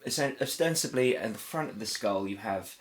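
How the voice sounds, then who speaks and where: A man's voice: fairly low pitch, lively intonation, fairly quick, a little hiss or hum. A man with a southern English accent chatting as a comedian guest on a podcast, rambling and joking with lots of fillers, sometimes drifting off the mic. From Ireland. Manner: rambling, jokey, many fillers. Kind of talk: casual podcast chat. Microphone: moves off mic at times.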